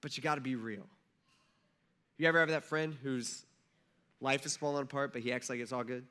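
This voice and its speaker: A man's voice: medium pitch, fairly even intonation, a little fast, pushed and bright, clean tone. A male pastor giving a conversational sermon in a church, acting out quotes with rising intensity. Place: church sanctuary.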